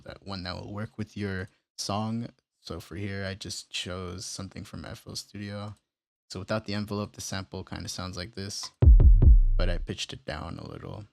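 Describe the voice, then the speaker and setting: A man casually walking through how he built a beat, step by step, in a relaxed, plain way. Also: on the low side, moderate pace, vocal fry, over loud music. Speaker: music producer tutorial host. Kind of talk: casual screen-recorded tutorial.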